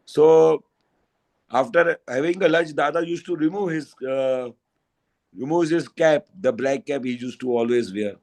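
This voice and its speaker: An older man with a Gujarati accent giving a spiritual satsang talk, telling anecdotes in a halting way with fillers and restarts. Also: a little high, vocal fry, a little mellow, rough recording. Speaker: spiritual speaker.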